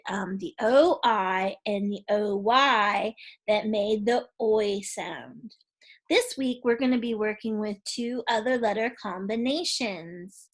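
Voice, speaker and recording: A woman teacher giving a phonics lesson to young children. She is patient and encouraging and has them repeat sounds back to her. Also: mid-range voice.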